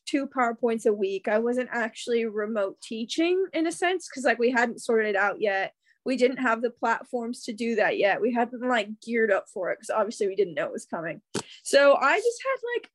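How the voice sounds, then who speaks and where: A young woman with an American accent chats casually as a podcast guest. Her voice sits fairly high, and she leans on "like" and "um" as she talks. The sound is dry and close. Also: dry recording. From Kansas City, USA. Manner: chatty, many fillers like "like" and "um". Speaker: guest, secondary English teacher. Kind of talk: casual chat.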